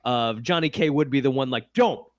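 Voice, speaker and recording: A man's voice: mid-range voice, a little fast, no echo. A man co-hosting a podcast, recapping a TV episode in casual chat with sarcastic jokes and frequent laughs. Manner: joking, rambling, sarcastic asides with laughs. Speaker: podcast co-host.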